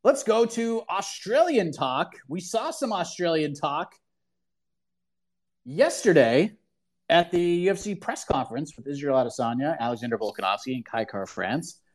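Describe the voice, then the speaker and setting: A man with a somewhat high voice hosts a casual call-in show. He talks in emphatic, opinionated bursts and often restarts his sentences as he works through an answer. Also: lively intonation, moderate pace. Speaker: host of a call-in MMA talk show. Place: online audio room.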